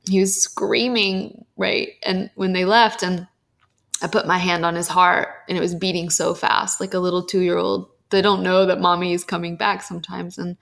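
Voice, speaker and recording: A woman's voice: on the low side, little pitch movement, normal speed, creaky, fairly bright tone. Young woman host, spiritual talk, open and emotive, casual tone with occasional cursing. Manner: candid, emotive, casual swearing. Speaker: podcast host and spiritual teacher.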